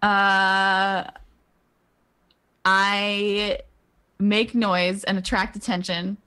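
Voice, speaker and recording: A woman playing in a tabletop game, impulsive and quick to laugh. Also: mid-range voice, flat delivery, bright, forceful tone, smooth. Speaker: player.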